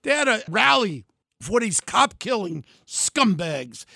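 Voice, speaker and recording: An older man tears into a combative political rant as a podcast host. His voice sits very high for a man and crackles with gravel, and his tone is sharp and forceful. The sound is close and dry, with no room around it. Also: big pitch swings, slow, no echo. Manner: loud, heated, ranting and combative.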